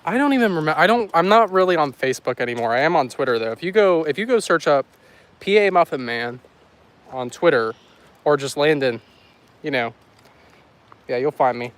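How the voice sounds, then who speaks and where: A man's voice: on the high side, expressive, brisk, long pauses, a bit bright. A man hosting a casual weather livestream outdoors, rambling and joking with his chat while filming on a handheld phone. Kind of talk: casual live-stream chat while walking. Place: outdoors by a road in the countryside.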